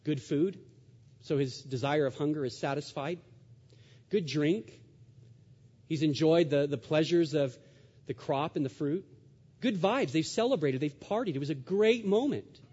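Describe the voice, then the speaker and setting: Animated male preacher in an echoey hall. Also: unhurried, pauses often, slightly rough. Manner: animated, acts out quoted voices with big swings in pitch and volume. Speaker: pastor. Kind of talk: sermon. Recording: dull sound, long hall reverb.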